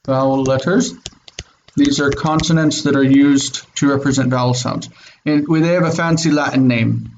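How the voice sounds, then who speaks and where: A man's voice: medium pitch, steady tone, normal speed, a little mellow, highs cut off, a little hiss or hum. A man teaching Biblical Hebrew in an online class, explaining step by step and checking in with his students. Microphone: video call.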